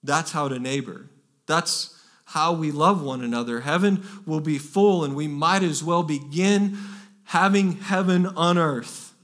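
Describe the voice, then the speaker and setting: A man's voice: on the high side, a little slow, a bit bright. A pastor preaching a sermon, earnest and emphatic, often repeating words and pushing his voice up to stress key phrases.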